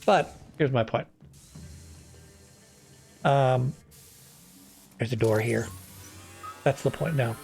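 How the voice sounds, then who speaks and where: Speaking slowly with vocal fry and frequent pauses, a gaming host narrates his let's-play in a medium, slightly mellow voice. Soft background music accompanies his casual, meandering commentary, thick with fillers and restarts.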